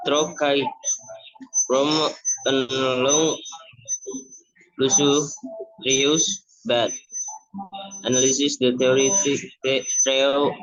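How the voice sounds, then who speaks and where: A young man giving a class presentation on a poem, reading haltingly and restarting words. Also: mid-range voice, fairly bright tone. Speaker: student presenter. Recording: dull lo-fi recording.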